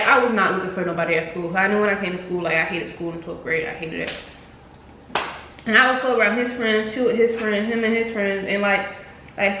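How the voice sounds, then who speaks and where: Chatty young woman, bright echoey voice. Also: medium pitch. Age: young adult. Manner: chatty, slangy, addresses viewers as "y'all". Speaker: vlogger telling a story. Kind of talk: casual storytime chat. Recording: echoey room with faint noise.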